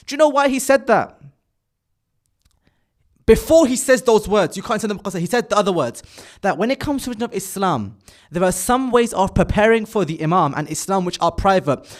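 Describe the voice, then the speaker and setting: A man giving a religious lecture at an Islamic centre, speaking emphatically, pushing up on key points and dropping low for asides.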